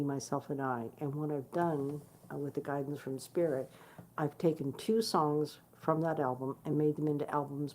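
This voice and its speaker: A woman's voice: very deep voice, darkish tone, slight background noise. A woman musician talking casually to her followers, blunt and swearing freely, with many fillers and restarts. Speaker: guitarist hosting her own stream. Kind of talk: casual direct-to-camera chat.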